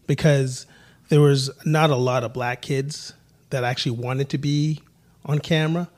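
A man's voice: mid-range voice, fairly even intonation, measured pace. A middle-aged man from England, a podcast guest, chatting casually, laughing often and acting out quotes in his stories. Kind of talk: casual interview chat.

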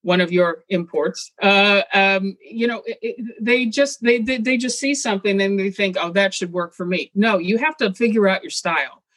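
A woman guest in an interview, talking in an animated, opinionated way with quick asides. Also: medium pitch, dry recording. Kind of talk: casual interview chat.

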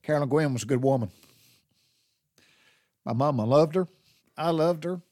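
A man's voice: fairly high pitch, moderate pace, darkish tone, dry recording. Middle aged southern guy telling an old story, rambly and heartfelt, dead dry sound. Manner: rambling and heartfelt, with many restarts. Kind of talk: personal storytelling.

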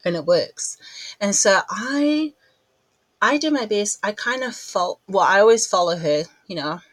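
A woman hosting a podcast in a casual, rambling chat, a little out of breath and quick to laugh at herself. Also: medium pitch, expressive, fairly bright tone, no echo, rough recording. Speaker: podcast host.

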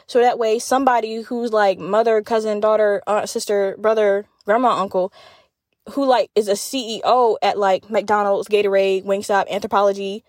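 A woman's voice: medium pitch, steady tone, normal speed, dry recording, clean studio sound. A young woman hosting a podcast in casual chat, candid and profane, telling stories with lots of fillers. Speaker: podcast host.

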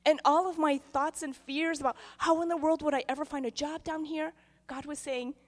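High-voiced woman preacher in reverb. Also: moderate pace. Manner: animated storytelling, acting out voices in quotes. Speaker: pastor. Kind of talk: testimony sermon. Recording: long hall reverb.

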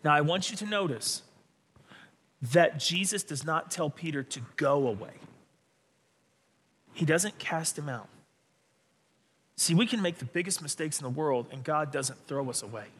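Forceful, animated male preacher. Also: fairly high pitch, unhurried, long pauses, slightly rough. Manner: animated, dramatic preaching with sudden emphatic bursts. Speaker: pastor. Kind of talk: sermon.

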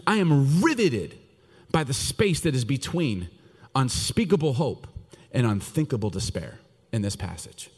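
Animated preacher in a reverberant church. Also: male voice, mid-range voice, a little slow, slightly rough. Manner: animated, swings from loud to hushed. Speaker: pastor. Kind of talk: sermon. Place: large church hall. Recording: long hall reverb.

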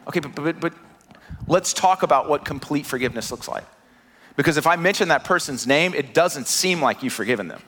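A man's voice: on the high side, expressive, quick pace, a bit bright. A man in his thirties preaching a sermon, earnest, repeating words and rising in emphasis. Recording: long hall reverb.

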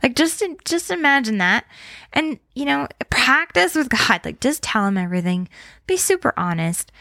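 A woman's voice: a little high, sing-song, normal speed, vocal fry, pushed and bright, dry recording, studio quality. A woman co-hosting a casual faith chat, talking freely with lots of "like" and easy laughs. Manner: chatty, heavy use of "like", laughs easily.

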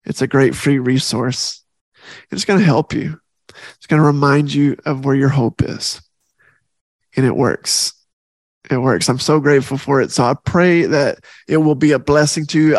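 A middle-aged man talks on his faith podcast, earnest and heartfelt, leaning on repeated phrases to drive a point home. His voice sits a little high for a man. The sound is close and dry, with no room around it. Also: no echo. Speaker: podcast host.

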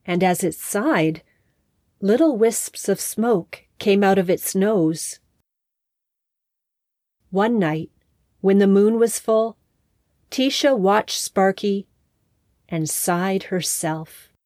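A woman host narrating a scripted story in a calm, expressive way on a close mic. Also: mid-range voice, slow, pauses often, no room sound.

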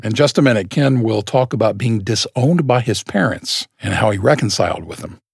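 A male podcast co-host narrating a scripted segment in a measured, earnest way. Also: fairly low pitch, lively intonation, creaky, breathy edge, no echo, clean studio sound.

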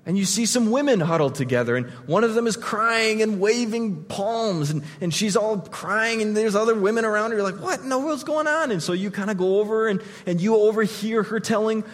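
A man preaching a sermon as pastor, retelling scenes vividly and swinging from loud to hushed. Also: high voice, a little fast, hardly any pauses, big-room sound.

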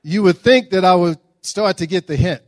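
A man tells stories to a breakfast crowd, acting out the voices of the people in them. His voice sits a little high for a man, and his delivery is folksy and animated. The sound is dry and close to the mic. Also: moderate pace, no room sound. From Dallas, Texas. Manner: animated, folksy storytelling with acted-out quotes. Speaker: guest speaker. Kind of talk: storytelling speech at a breakfast.

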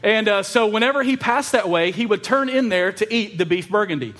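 A man's voice: sits high, lively intonation, a little fast, a bit bright. A man preaching a sermon in a casual, conversational way, with frequent fillers and restarts. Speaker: pastor.

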